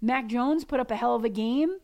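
A woman's voice: fairly high pitch, brisk, a little mellow. A woman co-hosting a casual sports podcast, chatty with frequent fillers. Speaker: podcast co-host.

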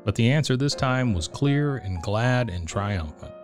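A man reading a children's Christmas story aloud in a gentle, measured way. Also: medium pitch, expressive, faint music behind. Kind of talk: storybook narration.

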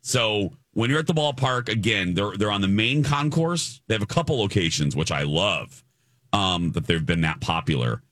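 This is a chatty, enthusiastic radio co-host from the Chicago area, with a fairly low voice. He often backs up and restarts his sentences, and the sound is dry and close. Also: sing-song, moderate pace, a bit bright, dry recording. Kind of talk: casual chat.

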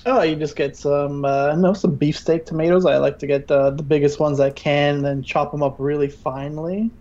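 A man's voice: fairly high pitch, steady tone, normal speed, a little mellow, muffled recording. A man playing a guest cook on a pretend cooking show, joking and rambling with lots of fillers. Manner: playful, rambling with many fillers. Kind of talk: improvised mock cooking show chat.

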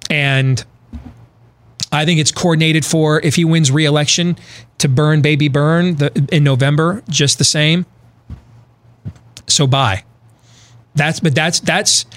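A middle-aged man hosting a talk show, giving blunt, emphatic opinions and repeating phrases for emphasis. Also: fairly high pitch. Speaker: host. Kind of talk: casual political talk radio banter.

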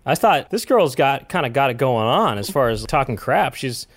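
Chill guy hosting, teasing the caller, mid-pitched voice. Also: sing-song, normal speed. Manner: laid-back, teasing. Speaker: host. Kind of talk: comedic call-in hosting.

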